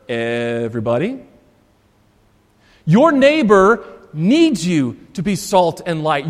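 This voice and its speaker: A male Lutheran pastor preaching a sermon, emphatic and repeating his key phrases for stress. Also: sits high. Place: church sanctuary. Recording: long church reverb.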